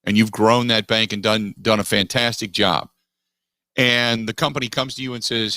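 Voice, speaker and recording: A middle-aged man hosting a sports talk radio show, making his case in an animated, emphatic way and repeating phrases for weight. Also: mid-range voice, moderate pace, dry recording. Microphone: studio microphone.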